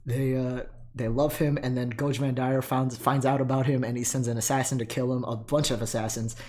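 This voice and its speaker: Young man, mid-pitch, tells lore in a loose rambling way, swears a lot, breathless, voice still recovering. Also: little pitch movement, brisk, a little mellow. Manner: rambling, profane, lots of fillers. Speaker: lore explainer. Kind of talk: casual lore rundown.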